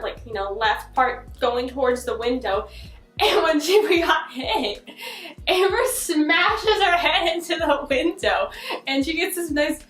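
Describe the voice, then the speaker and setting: High-voiced young woman telling a story. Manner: animated, laughing, many fillers. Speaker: vlogger telling a childhood story. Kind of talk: casual storytelling. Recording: echoey room with faint music.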